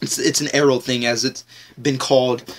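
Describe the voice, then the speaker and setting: A man's voice: mid-range voice, little pitch movement, moderate pace. A man ranting casually in a TV episode review vlog, rambling, joking and swearing heavily.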